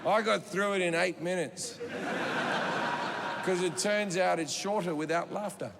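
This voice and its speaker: A man's voice: sits high, unhurried, vocal fry. Profane Australian man doing stand-up. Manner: profane, rambling anecdotes with acted-out quotes. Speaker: stand-up comedian. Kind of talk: stand-up storytelling. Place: comedy stage before a live audience. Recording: reverberant live venue with audience noise.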